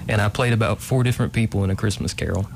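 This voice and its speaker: A man in his late twenties from Kentucky, talking casually as a playwright guest. His voice sits low, and he keeps pausing and restarting his sentences. Faint noise runs in the background. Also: creaky. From Kentucky, USA. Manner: hesitant, many ums and restarts. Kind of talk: casual interview.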